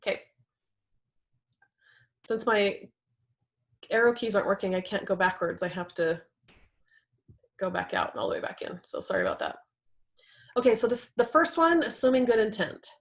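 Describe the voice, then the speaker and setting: Brief: adult woman presenter, middle pitch, earnest teaching of relationship communication with lively acted-out quotes. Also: normal speed, long pauses. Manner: earnest, acts out quoted partners in lively voices. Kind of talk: presentation talk with slides.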